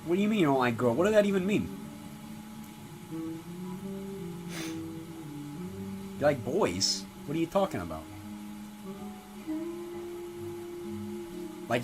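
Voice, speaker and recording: A swaggering, foul-mouthed mob-style father, as a man acts him out. His tough-guy drawl swoops lively up and down as he needles and lectures. Music plays behind him. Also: medium pitch, a little fast, rough recording. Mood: prodding. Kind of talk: comedy sketch character acting. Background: music playing.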